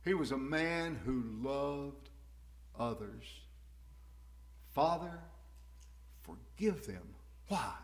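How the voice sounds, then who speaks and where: A man preaching a sermon, his delivery swinging from hushed, tender lows to ringing, fervent highs.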